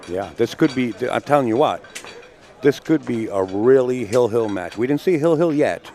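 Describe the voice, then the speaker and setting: A man's voice: mid-range voice, animated, normal speed, warm tone. A man with a New York accent hosting a pool stream, chatting in a rambling, self-correcting way. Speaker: stream host and commentator. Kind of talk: casual pool commentary.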